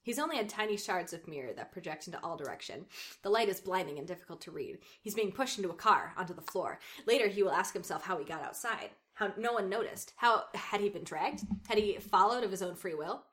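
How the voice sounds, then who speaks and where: A woman's voice: medium pitch, expressive, fast talker, fairly bright tone. A woman reading a story aloud, stopping now and then to laugh at it and mock its writing. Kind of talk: reading aloud with casual commentary.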